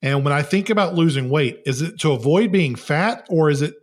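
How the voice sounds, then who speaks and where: A man's voice: on the high side, animated, fairly quick. Wry joking man in his thirties. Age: 30s. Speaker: podcast co-host. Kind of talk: casual conversational podcast.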